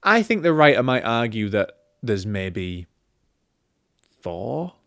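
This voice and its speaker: A man's voice: fairly low pitch, big pitch swings, slow pace, a bit bright, no room sound, clean studio sound. A man hosting a casual film review show, talking in a chatty, opinionated way with plenty of fillers and restarts.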